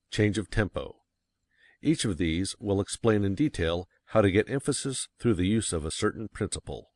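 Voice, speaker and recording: A man reading a classic public speaking guide aloud in a measured audiobook style, stressing key words. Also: deep voice, no room sound. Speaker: narrator.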